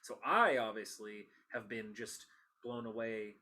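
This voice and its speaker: A man's voice: lowish voice, measured pace, bright, forceful tone. A man hosting a casual interview podcast, talking enthusiastically and laughing often. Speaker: podcast host.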